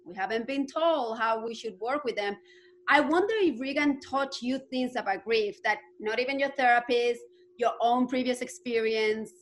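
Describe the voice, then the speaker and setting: A woman hosts an interview, asking reflective questions in an encouraging way. Her voice sits a little high. A faint noise runs under the recording. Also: a bit bright. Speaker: interview host. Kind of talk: interview conversation.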